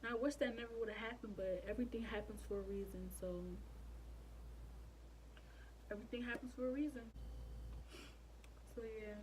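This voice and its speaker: A woman's voice: a little high, steady tone, moderate pace, long pauses, darkish tone, slight background noise, low-quality recording. A young adult woman telling a personal story in a casual storytime vlog. She speaks candidly and emotionally, with slang, swearing and repeated phrases. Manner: subdued and emotional. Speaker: vlogger.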